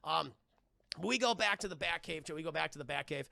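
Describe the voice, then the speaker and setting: Streamer guy ranting thru a movie recap to chat, cussing a lot, high gravelly voice. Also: expressive, fairly quick, pushed and bright, no echo, studio quality. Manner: profane, rambling, addresses chat. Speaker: film review streamer. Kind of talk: casual live-stream film recap.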